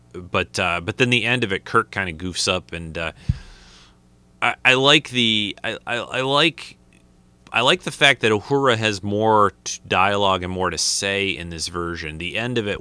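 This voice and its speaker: A man giving casual, unscripted commentary on a film, rambling and halting with many restarts. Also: low voice, sharp tone, clear, resonant tone, dry recording.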